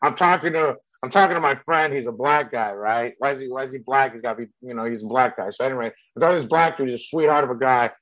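A man's voice: medium pitch, fast, few pauses, fairly bright tone, no room sound, rough recording. A young man with a Mexican accent, a stand-up comedian chatting bluntly and rambling, with lots of laughter and swearing. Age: young adult. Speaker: stand-up comedian, podcast guest. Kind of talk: casual chat.

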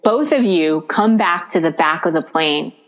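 Her voice fairly low and her speed normal, with the highs cut off, a woman co-hosts a podcast and tells a story casually. She brings the characters to life, acting out their quoted lines, and laughs a lot along the way.

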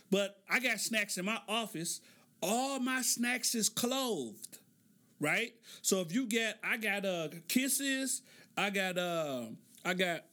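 Middle-aged man, high bright voice, loose comedic podcast monologue. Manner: joking, loose storytelling with laughs. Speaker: podcast host.

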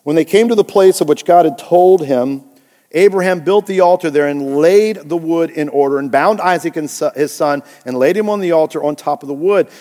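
High-voiced pastor preaching in a hall. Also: male voice, dark tone. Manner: playful, acts out voices, slows for emphasis. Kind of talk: sermon. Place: church sanctuary.

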